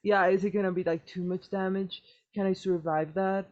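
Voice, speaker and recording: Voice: medium pitch, little pitch movement, moderate pace, a little mellow. A player in a tabletop game thinking aloud, anxious. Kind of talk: tabletop game role-play. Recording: dull lo-fi audio.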